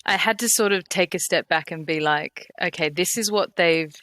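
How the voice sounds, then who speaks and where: A woman's voice: fairly low pitch, moderate pace, fairly bright tone, no room sound. A woman who grew up in the UK, a guest on a film podcast, talking in an enthusiastic, rambling way. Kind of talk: casual chat.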